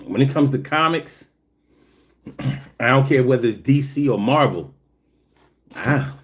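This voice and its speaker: A man hosting a casual livestream, reading chat and telling joking, profane stories. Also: a little slow. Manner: animated, swings high when telling stories.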